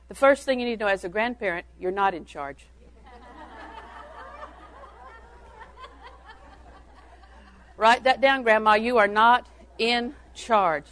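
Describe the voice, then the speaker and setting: Her fairly high, fairly bright voice carries folksy parenting stories to a church gathering, punctuated by chuckles. The older woman is recorded roughly, with no echo.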